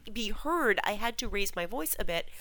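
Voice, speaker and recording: Woman chatting, tells a story and does all the voices, pitch jumps around a lot. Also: fairly quick, background noise. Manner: animated, acts out quoted voices. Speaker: fan website host. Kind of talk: casual storytelling chat.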